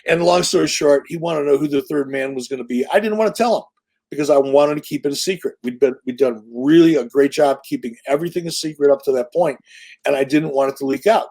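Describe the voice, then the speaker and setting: Animated, profane man telling a story. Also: a little high, quick pace. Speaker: interview guest. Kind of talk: casual storytelling.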